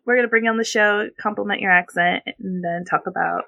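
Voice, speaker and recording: An American woman hosting a casual chat, animated and laughing, her pitch swooping up often. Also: fast, vocal fry, no echo, highs cut off. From United States. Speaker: host.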